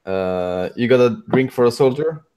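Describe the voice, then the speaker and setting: A man's voice: medium pitch, lively intonation, normal speed, dark tone, lightly acted. Man playing a boastful soldier. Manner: joking, boastful. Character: swaggering male soldier ordering a drink. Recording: distant from the mic.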